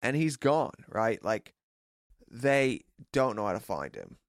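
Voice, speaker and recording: A man co-hosting a casual podcast, telling a story with quick jokey asides. His voice sits at an everyday middle pitch. The recording is close and dry. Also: sing-song, dry recording. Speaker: podcast co-host. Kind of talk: casual chat.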